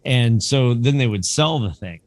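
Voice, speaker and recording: A man in his fifties, a cinematographer and museum curator, chatting as a podcast guest and telling animated stories. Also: mid-range voice, unhurried, dry recording. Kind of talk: casual anecdotal storytelling.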